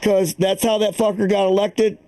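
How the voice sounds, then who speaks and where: In a comedy show streamed online, a man in his sixties from around Boston delivers a rambling, foul-mouthed stand-up routine, voicing the people he describes. His voice is high and mellow, his delivery flat and moderately paced.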